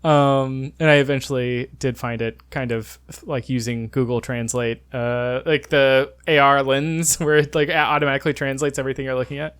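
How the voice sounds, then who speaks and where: A man's voice: mid-range voice, steady tone, moderate pace, hardly any pauses, a bit bright, clear, resonant tone. Rambling, laughing young man telling stories. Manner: rambling storyteller, laughs often, many fillers. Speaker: podcast co-host. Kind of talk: casual chat.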